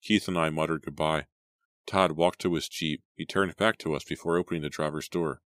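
A man narrating an audiobook in a steady, dramatic storytelling manner. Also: rumbling low, a little fast, no room sound. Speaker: audiobook reader.

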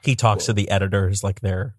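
Brief: young male panelist, quick jokey asides, deepish voice. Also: fairly even intonation, loud music behind the voice. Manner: quick, chuckling interjections. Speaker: podcast panelist. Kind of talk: casual podcast chat.

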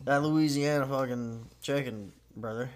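A man's voice: medium pitch, unhurried. A young man hosting a casual podcast chat, joking, teasing and swearing a lot. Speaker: podcast host.

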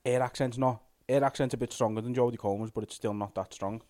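Scouse man, easygoing podcast chatter, mid-pitched. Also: steady tone, fast talker, dark tone. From Liverpool. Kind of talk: casual chat.

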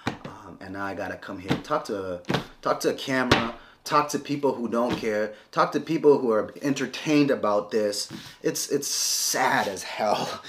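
A man vents to a camera in a heated, scolding tone, hammering the same phrases again and again. His voice sits in an ordinary middle pitch but swings up and down with lively animation. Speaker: father addressing his ex-wife on camera. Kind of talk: confrontational casual talk to camera.

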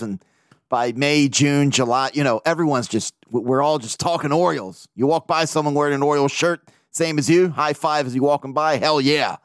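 Podcast guy rambling on solo, jokey and a bit crude, voice sits kinda high, dead dry mic. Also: no room sound. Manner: rambling, joking, swears freely. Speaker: podcast host. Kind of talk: casual solo podcast chat.

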